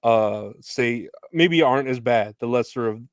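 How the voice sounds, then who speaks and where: A man's voice: mid-range voice, a little slow, no room sound, clean studio sound. A man hosting a podcast interview, chatting in a rambling, hesitant way with lots of fillers. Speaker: podcast host. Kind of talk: casual interview chat.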